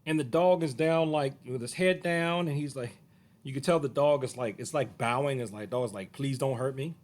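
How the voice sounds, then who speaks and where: A man's voice: mid-range voice, moderate pace. A martial arts teacher telling a personal story to camera in a casual way, acting out the other people's voices as he goes.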